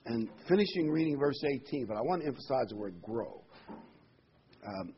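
A man's voice: medium pitch, expressive, moderate pace, breathy edge. A man pastor giving a conversational sermon, asking rhetorical questions and adding fillers. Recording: slightly dull recording with faint noise.

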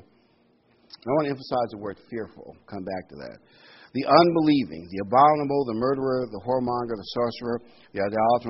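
A man preaching a sermon to his congregation. He leans hard on key words and repeats them, with loud bursts on the stressed ones. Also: medium pitch. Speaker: pastor. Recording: slightly dull lo-fi sound with faint room noise.

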